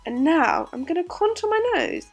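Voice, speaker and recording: A woman vlogger narrating a casual makeup tutorial, chatty and giggly, her voice hoarse from being unwell. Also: very high voice, very animated, moderate pace, faint music behind. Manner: chatty, giggly, frequent ums. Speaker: beauty vlogger.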